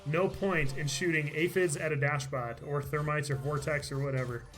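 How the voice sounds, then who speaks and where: A man's voice: on the high side, steady tone, moderate pace, fairly bright tone, soft background music. A man streaming a game live, chatting casually and laughing often, his voice tired from talking all day. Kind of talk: live gameplay commentary.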